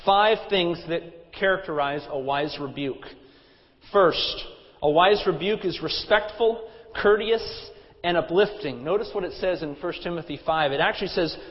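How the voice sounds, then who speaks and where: A man delivers a sermon in a friendly, storytelling way, dropping in humorous asides. His voice sits a little high for a man. The sound rings with long reverb and comes across dull and muffled. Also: a little slow. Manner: conversational and anecdotal, with humorous asides. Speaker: pastor.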